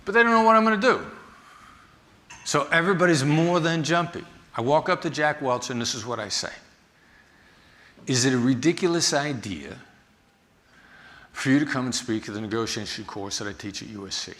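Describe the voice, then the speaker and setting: Animated man telling a story on stage. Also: medium pitch, moderate pace, long pauses. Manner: animated, acts out the people in his stories. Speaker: negotiation instructor and former FBI agent giving a talk. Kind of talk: storytelling keynote talk.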